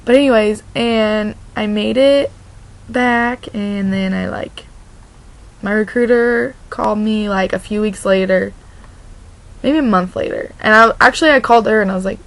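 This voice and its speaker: A woman's voice: medium pitch, moderate pace, poor audio. A young woman from Oregon chatting casually in a vlog, rambling and restarting her sentences, with "like" in nearly every line. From Oregon, USA. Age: young adult. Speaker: vlogger.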